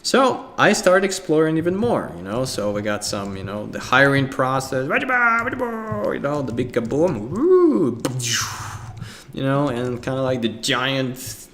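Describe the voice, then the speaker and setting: A man's voice: mid-range voice, very animated, a little slow, few pauses, sharp tone, a little hiss or hum. A young man giving a casual art lecture, talking loosely with many fillers and breaking into acted voices and sound effects.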